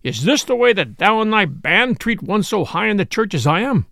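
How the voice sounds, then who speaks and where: A man's voice: sits high, sing-song, moderate pace, gravelly, fairly bright tone, no room sound, full character voice. A man voicing a pompous, indignant bishop who blusters about his outrage.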